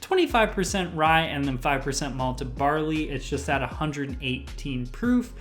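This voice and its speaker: A man's voice: fairly high pitch, big pitch swings, normal speed, a bit bright, faint music behind. A man hosting his own whiskey review channel, casually listing tasting notes with lots of "like" fillers. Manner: rambling lists of tasting notes, full of "like" fillers.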